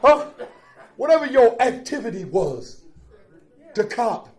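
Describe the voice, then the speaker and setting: High-voiced man giving raw, profane recovery testimony. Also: very animated, unhurried, a little mellow. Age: middle-aged. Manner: profane, storytelling, calls out to the crowd with "Huh?". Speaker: guest speaker at a recovery conference.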